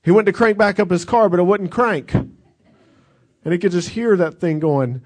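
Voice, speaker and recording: A man's voice: sits high, a little slow. A man, a pastor, preaching a sermon in a conversational way, with frequent restarts and acted-out quotes.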